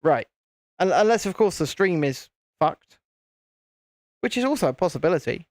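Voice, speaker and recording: A man's voice: high-pitched, big pitch swings, normal speed, no room sound, clean studio sound. A British man casually chatting and rambling with jokes while hosting a live building stream. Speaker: livestream host.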